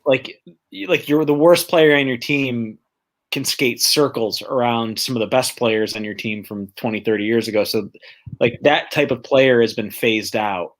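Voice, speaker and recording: A man's voice: mid-range voice, moderate pace. A man on a casual sports chat, reflective and thinking aloud with lots of fillers. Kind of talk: casual banter among friends.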